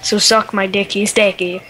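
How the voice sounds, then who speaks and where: A man's voice: sits high, sharp tone, a little hiss or hum, poor audio. A man from the UK chatting crudely and giggling while gaming over voice chat. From United Kingdom. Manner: giggly, crude, trash-talking. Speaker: co-op gaming partner. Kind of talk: casual gameplay chat.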